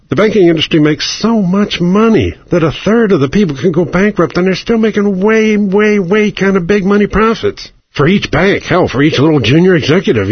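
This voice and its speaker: A man's voice: fairly high pitch, slightly rough, no room sound. A man hosting a radio talk show, telling a sarcastic, profane satirical rant, over a dull, dry broadcast.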